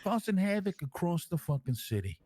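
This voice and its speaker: A man's voice: sits high, fairly quick, a little hiss or hum. A man playing a brash, foul-mouthed crime boss. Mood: boastful. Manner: rambling storyteller, swears constantly, lively and animated. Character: brash crime-family man calling himself king, crude. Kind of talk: online role-play in character.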